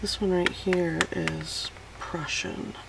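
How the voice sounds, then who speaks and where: A woman's voice: medium pitch, takes it slowly, creaky, very noisy. A woman hosting a casual watercolor tutorial, chatty and self-deprecating as she narrates each painting step.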